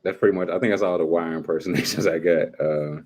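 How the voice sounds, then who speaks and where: A man casually chatting with his livestream viewers, joking around and breaking into quick impressions. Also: deep voice, steady tone, darkish tone, a little hiss or hum.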